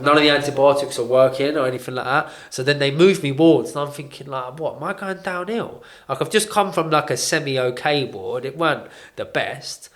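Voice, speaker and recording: A young man, a podcast co-host, telling a story in casual chat, full of "like" and acting out what others said. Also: mid-range voice. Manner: animated, heavy on fillers, acts out what others said. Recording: roomy echo.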